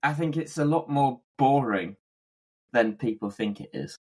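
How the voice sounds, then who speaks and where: A man's voice: medium pitch, a little slow, a little mellow, husky. A man co-hosting a podcast in casual chat, making wry joking asides. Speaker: podcast co-host.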